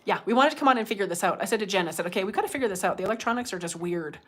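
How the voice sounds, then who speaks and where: Racing along in a lively, mid-range, slightly bright voice, a Canadian medium in middle age talks casually on her livestream. She laughs a lot and acts out other people's words as she chats.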